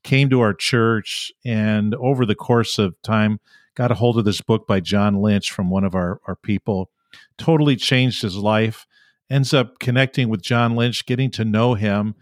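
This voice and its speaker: A man's voice: on the low side, fairly even intonation, a little slow, no echo, studio quality. A man hosting a podcast, enthusiastic, telling a story. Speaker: podcast host. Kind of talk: podcast conversation.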